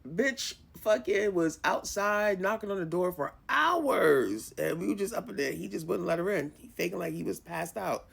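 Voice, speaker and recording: Animated, profane woman telling a story. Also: fairly low pitch, moderate pace, creaky, few pauses, breathy edge. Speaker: vlogger. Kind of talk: storytime vlog.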